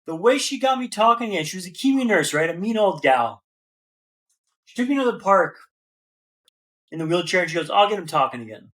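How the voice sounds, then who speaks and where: A young man, a podcast guest, telling his story in a casual, animated way and calling the host man and brother. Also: high-pitched, fairly quick, long pauses. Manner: animated, slangy, calls listener man and brother.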